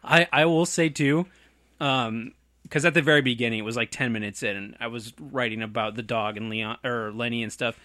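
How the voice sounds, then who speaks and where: A man in a casual movie chat, retelling scenes in an animated way and laughing often. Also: medium pitch, a little fast, no room sound, clean studio sound.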